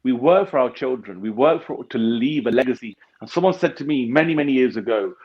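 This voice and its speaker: A man's voice: medium pitch, lively intonation, fairly quick, few pauses, breathy edge. A man, a business founder giving a blunt, emphatic motivational talk as an interview guest, swearing freely. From United Kingdom. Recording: dull lo-fi sound.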